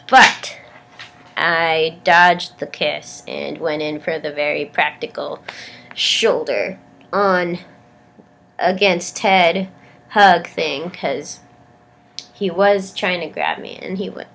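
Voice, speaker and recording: A woman's voice: lowish voice, animated, slow, creaky, pauses often, fairly bright tone. Sick-voiced young woman vlogging casually. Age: young adult. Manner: rambling, self-deprecating, stammers. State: sick, congested voice. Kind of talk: casual vlog chat.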